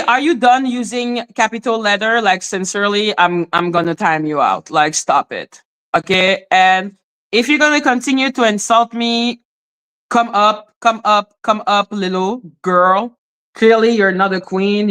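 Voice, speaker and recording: A woman's voice: mid-range voice, a little slow, a bit bright. A woman hosting a livestream, ranting bluntly at viewers in her chat and swearing freely. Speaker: livestream host reacting to chat. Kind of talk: casual livestream rant.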